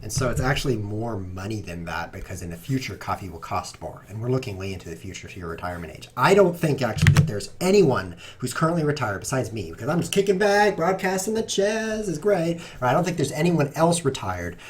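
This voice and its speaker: Speaking in a mid-range voice with big swings in pitch, this chess streamer talks fairly quickly and barely pauses. He rambles casually and sarcastically at his computer during play, with a faint hiss or hum on the recording.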